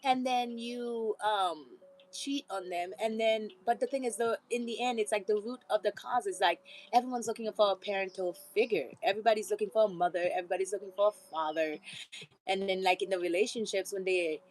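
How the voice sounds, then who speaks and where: A woman's voice: medium pitch, steady tone, brisk, poor audio. A woman vlogger giving a rambling, casual motivational talk, with frequent laughter and preachy asides.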